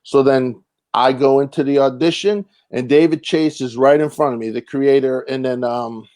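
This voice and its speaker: A young man, a comedian and actor, telling a rambling, animated story with frequent restarts and casual swearing. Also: mid-range voice, normal speed. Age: young adult.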